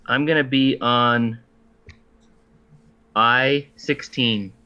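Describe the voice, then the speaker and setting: A male player talks through his attack in a casual, halting way, full of small restarts. His voice is bright and a bit sharp. The sound is dull and lo-fi, as if from a cheap mic. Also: medium pitch, steady tone, clear, resonant tone. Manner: hesitant, with many fillers and restarts while describing his move. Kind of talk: casual play at a tabletop game.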